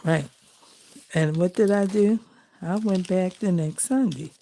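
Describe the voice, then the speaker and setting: A woman's voice: lowish voice, measured pace, mellow, a little hiss or hum. A middle-aged woman, chatting in a heartfelt, folksy way while she crafts for her vlog. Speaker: crafting vlogger. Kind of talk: casual chat while crafting.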